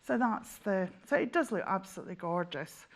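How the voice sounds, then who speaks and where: A woman's voice: mid-range voice, expressive, moderate pace. A woman as a guest expert on a sewing show, patiently explaining each step and reassuring viewers. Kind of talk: demonstration explaining. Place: TV studio.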